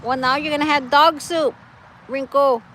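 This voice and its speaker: A woman's voice: high voice, steady tone, normal speed, a bit bright, a little hiss or hum, poor audio. A woman chatting casually outdoors with her live-stream viewers, laughing often and reading out their comments. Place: outdoors, wind and trees nearby.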